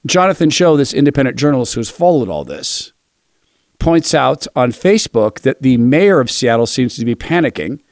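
A man's voice: medium pitch, sing-song, moderate pace, no echo, clean studio sound. A man giving sarcastic, mocking political opinion commentary. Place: Seattle area.

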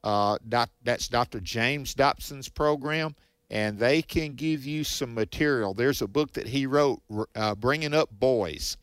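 A man hosting a Bible radio show, giving gentle, encouraging pastoral advice. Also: medium pitch, a little slow, smooth, no room sound.

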